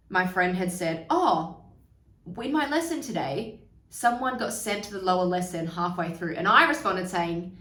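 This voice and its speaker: A young woman hosts a podcast, her lowish, slightly bright voice captured from a distance in a roomy space. Chatty and candid, she tells a personal story, swearing freely and acting out the people she quotes.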